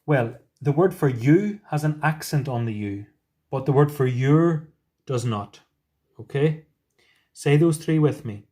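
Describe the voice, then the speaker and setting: Man, mid-pitched, unhurried teacher voice for a recorded lesson. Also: expressive. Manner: patient, explains step by step with gentle asides. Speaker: Spanish teacher.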